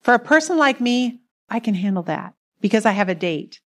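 A woman's voice: fairly high pitch, animated, fairly quick. Middle-aged woman, chatty, laughs a lot while telling a story about her marriage. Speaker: co-host speaking about marriage. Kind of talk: casual storytelling talk.

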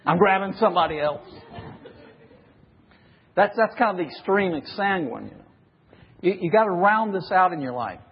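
A man's voice: high-pitched, lively intonation, moderate pace, long pauses, breathy edge. A man preaching a sermon to a congregation, questioning the listeners and acting out examples. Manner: questions the audience and acts out examples. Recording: dull recording with long hall reverb.

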